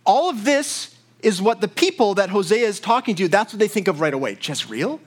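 A pastor with a notably high voice preaches a sermon. He teaches in a chatty way, breaking off to check in with his listeners. The delivery stays casual and explanatory. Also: animated, a little fast. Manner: conversational teaching with frequent asides and acted quotes.

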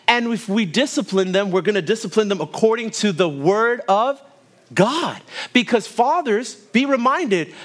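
Storytelling male pastor, slightly high voice. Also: a bit bright. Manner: storytelling with asides to the congregation. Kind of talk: sermon.

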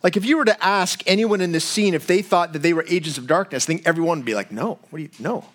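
A middle-aged man preaching a sermon in a conversational way, with loose asides and quick shifts of voice when he retells a story. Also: high-pitched. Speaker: pastor.

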